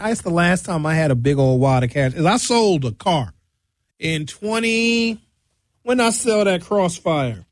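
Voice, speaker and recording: A man's voice: a little high, no room sound. A man hosting a radio show, rambling through a bawdy comic monologue. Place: radio studio.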